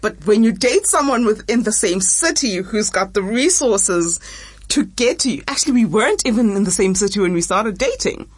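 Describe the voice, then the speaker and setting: A woman recalls her past relationship in a reflective, storytelling way. Her voice is husky and moves a lot in pitch, and it sounds close and dry. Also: lively intonation, normal speed, no room sound. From South Africa. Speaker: podcast co-host. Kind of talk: casual chat.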